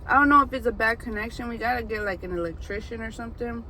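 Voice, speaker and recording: A woman who braids hair, telling a story in a casual, animated way with lots of fillers. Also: fairly high pitch, quick pace, a little hiss or hum, low-quality recording. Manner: animated, chatty, many fillers. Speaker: hairbraider and food vlogger. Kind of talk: casual storytelling while eating.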